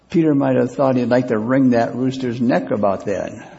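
A man preaching a sermon as pastor, speaking deliberately and repeating key phrases for weight. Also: mid-range voice, gravelly, dark tone, muffled recording.

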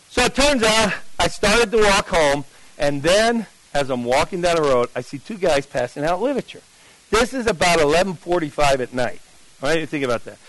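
Animated high-voiced man telling a story. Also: dry recording, rough recording. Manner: animated, acts out dialogue with pitch swings; conversational, with fillers and restarts. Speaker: speaker giving a testimony to an audience. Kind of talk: storytelling testimony.

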